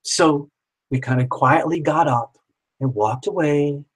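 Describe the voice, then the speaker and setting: A man's voice: a little high, a little slow, slightly rough, low-quality recording. Rambling, casual male storyteller. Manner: rambling, repeats himself, swears casually.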